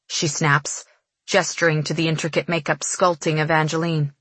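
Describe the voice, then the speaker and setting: Woman, audiobook narrator, first-person fiction, measured, low voice, dry close sound. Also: flat delivery, fairly bright tone, husky, no room sound.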